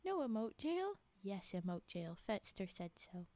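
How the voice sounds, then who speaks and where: A woman's voice: mid-range voice, very animated, unhurried, dark tone. A young woman streamer chatting with her live chat, giggling and sleepy, reacting in exasperated disbelief. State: yawning, sleepy. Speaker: streamer reading stories to chat.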